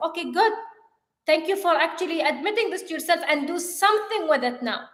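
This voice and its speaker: High-voiced earnest woman in an echoey room. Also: expressive, brisk, fairly bright tone. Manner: earnest, emphatic, self-correcting. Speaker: co-host. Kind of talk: motivational live show talk.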